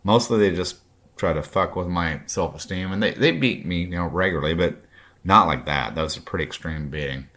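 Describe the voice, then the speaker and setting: A man in his late forties from Kentucky speaks in a very deep, low voice. He tells his story bluntly, with raw, heavy profanity. It is a personal podcast monologue with a drinking edge. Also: a little fast, fairly bright tone. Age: late 40s. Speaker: podcast host.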